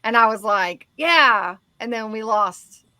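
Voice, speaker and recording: A woman's voice: a little high, animated, slow pace, bright, forceful tone, no echo. A woman co-hosting a casual podcast chat, upbeat and giggly. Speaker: podcast co-host.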